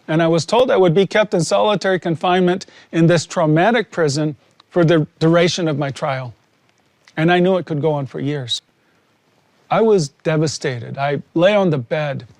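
High-voiced earnest male preacher, dry sound. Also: a little mellow, dry recording. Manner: earnest, slow and emphatic with long pauses. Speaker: preacher sharing testimony. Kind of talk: sermon testimony.

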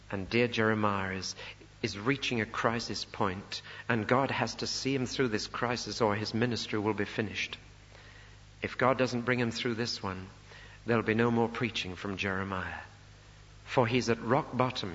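A male preacher delivering an earnest, impassioned sermon, swinging between quiet reflection and fervent cries. His voice sits at an ordinary pitch and carries a long hall reverb. The recording is dull and lo-fi. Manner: earnest and impassioned, voicing scripture as a heart cry. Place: church.

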